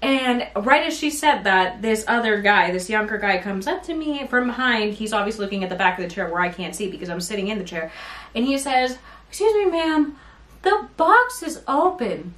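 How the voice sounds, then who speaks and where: A woman's voice: mid-range voice, expressive, fairly quick, fairly bright tone. A young woman vlogger telling a rant-style story time, rambling and exasperated as she recounts what happened. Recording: roomy sound from a bit off mic.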